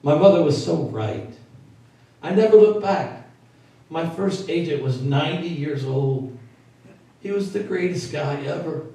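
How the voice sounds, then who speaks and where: A man in his sixties, an oldies singer and entertainer, telling animated, folksy stories to a live audience at a performance venue. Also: a little high, unhurried, pauses often. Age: 60s. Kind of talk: stage storytelling to a live audience. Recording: echoey hall, mic from far off.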